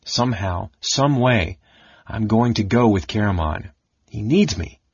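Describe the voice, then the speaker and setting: A man voicing an excitable little male kender trapped as a mouse, talking in a high, eager, chatty way. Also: a little slow, vocal fry, slightly rough, no room sound, far from the mic, exaggerated voice. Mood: wondering. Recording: dull lo-fi audiobook recording.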